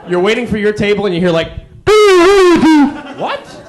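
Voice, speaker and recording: A man doing a stand-up comedy routine, acting out quick character bits to a live crowd. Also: high voice, steady tone, soft background music. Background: audience laughter.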